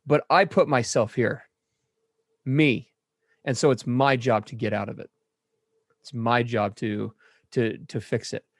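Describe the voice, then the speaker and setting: A man's voice: medium pitch, fairly even intonation, a little slow, pauses often, dry recording, studio quality. Earnest, reflective male podcast co-host. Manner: earnest, reflective, self-deprecating. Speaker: podcast co-host, works with men in recovery. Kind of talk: casual conversation.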